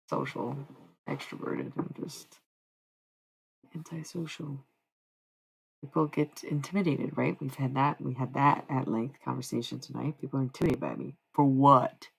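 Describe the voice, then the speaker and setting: A woman's voice: a bass voice, fairly even intonation, measured pace, creaky, pauses often, slightly rough. A woman livestreaming in casual chat, talking candidly with frequent profanity and self-mocking humor.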